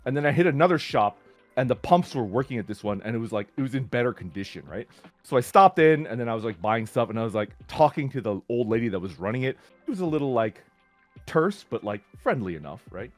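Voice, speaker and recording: A man's voice: mid-range voice, very animated, quick pace. Rambling man telling camp stories. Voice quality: rambling, full of "like" and restarts. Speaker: streamer. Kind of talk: casual storytelling. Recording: faint music underneath.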